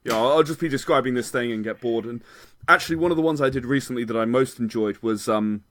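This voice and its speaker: A man's voice: medium pitch, quick pace, fairly bright tone, a little hiss or hum. A man, a game designer chatting as a podcast guest, rambling and qualifying himself with frequent laughs. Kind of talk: casual podcast interview.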